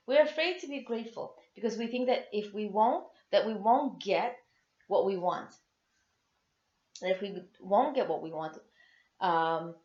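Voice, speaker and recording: A woman's voice: mid-range voice, a little mellow. Woman, marriage advice talk, earnest and emphatic, echoey room, muffled lo-fi sound. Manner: earnest, emphatic, repeats words for stress. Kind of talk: motivational talk to women.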